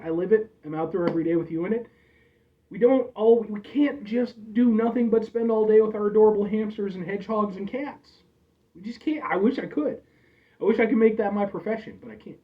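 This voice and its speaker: A man's voice: high voice, distant mic. A man hosting a casual review vlog, talking in a chatty, rambling way and calling his viewers folks. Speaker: host reviewing drinks. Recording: dull lo-fi audio, a bit off-mic.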